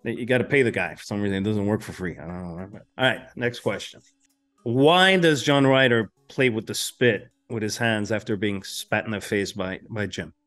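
A man hosting a casual podcast chat, relaxed and profane and enthusiastic about film. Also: fairly low pitch, normal speed, faint music behind. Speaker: podcast host.

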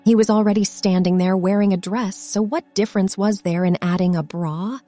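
Expressive woman reading a story aloud. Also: medium pitch, moderate pace. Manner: expressive, acts out the characters' lines. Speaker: story narrator. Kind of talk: scripted story narration. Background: faint background music.

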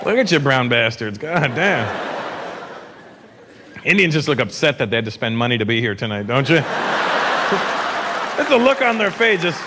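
Brash stand-up comedian teasing the crowd. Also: male voice, medium pitch, very animated, noisy background. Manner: brash, teasing crowd work with quick put-on voices. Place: on stage in a large comedy venue. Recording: live show with crowd laughter and ambience.

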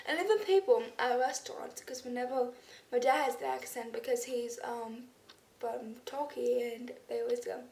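A young woman vlogs casually to camera in a high-pitched, slightly creaky and somewhat mellow voice at a moderate pace. She rambles with lots of ums and restarts, her speech slightly unclear, and the recording is roomy and echoey, somewhat far from the mic with faint background noise.

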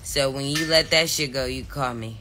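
A woman's voice: a bass voice, moderate pace, sharp tone, slight background noise. A woman on a livestream, chatting casually and telling stories in a brash, swearing way. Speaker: host.

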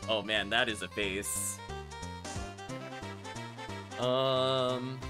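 A man's voice: medium pitch, fairly even intonation, drawn-out words. A man streamer musing and chatting casually while playing a game, with self-conscious restarts, over game music. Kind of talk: casual let's-play commentary.

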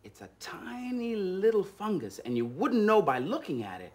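A man's voice: high voice, huge pitch swings, moderate pace, slightly rough. A man hosting a children's educational TV show, talking playfully straight to the viewer. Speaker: host. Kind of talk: children's TV presenting.

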